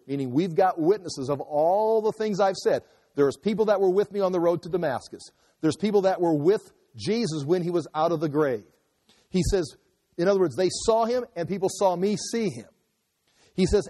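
Conversational preacher in a reverberant hall. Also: male voice, high-pitched, fairly quick, warm tone. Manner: conversational, restarts and asides while explaining scripture. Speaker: pastor. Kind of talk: expository sermon.

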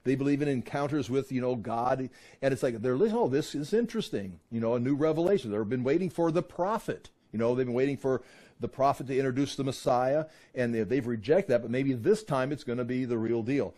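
A man teaching from the Bible, reading verses aloud and then explaining them casually, voicing the crowd in loud bursts. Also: medium pitch, brisk.

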